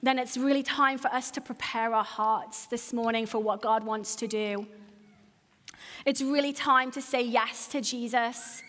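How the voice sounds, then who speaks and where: A woman's voice: on the high side, steady tone, unhurried, fairly bright tone. A woman pastor preaching a sermon, earnest and building with repeated phrases. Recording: hall reverb.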